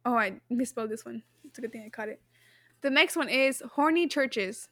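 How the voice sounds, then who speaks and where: A woman's voice: fairly high pitch, a little fast, a bit bright, dry recording. A woman co-hosting a podcast and reading out quiz questions in casual chat, giggly and chatty, often laughing. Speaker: podcast co-host running a quiz.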